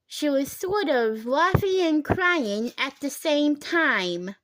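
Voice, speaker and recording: A woman narrating a children's chapter book aloud in an unhurried storytelling manner. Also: high voice, lively intonation, fairly bright tone, slight background noise. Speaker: storybook reader.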